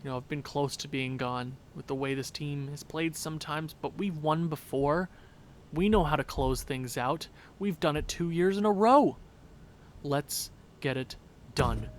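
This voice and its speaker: A hoarse young man voicing a veteran male hockey captain giving a calm, rallying locker-room talk. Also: a little high, measured pace, a little hiss or hum, lightly acted. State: voice worn out.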